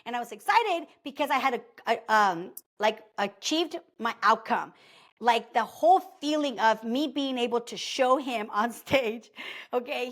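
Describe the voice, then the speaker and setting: A woman in her thirties hosting a podcast, telling a personal story in a casual motivational monologue, chatty and animated, peppered with "like" and "okay?". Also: fairly high pitch, normal speed. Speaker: podcast host.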